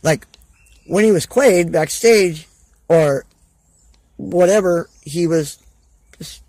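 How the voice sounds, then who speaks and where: A man's voice: sits high, takes it slowly, darkish tone, no room sound. A man talking as a podcast guest in a loose, rambling way, full of fillers and restarts. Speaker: guest, professional wrestler. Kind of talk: casual podcast interview.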